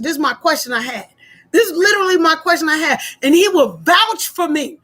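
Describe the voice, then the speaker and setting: A woman's voice: very high-pitched, lively intonation, fairly quick, fairly bright tone. A woman speaks straight to her viewers. She is middle-aged and tells a personal story in a casual, emphatic way, repeating her key points and acting out both sides of a phone call. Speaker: vlogger telling a personal story.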